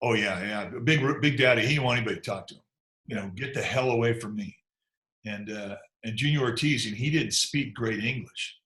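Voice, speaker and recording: Bright-voiced man telling old pitching stories. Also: brisk. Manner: laid-back, chuckling, trails off into asides. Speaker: former big league pitcher telling stories. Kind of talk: relaxed anecdotal storytelling. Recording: echoey room.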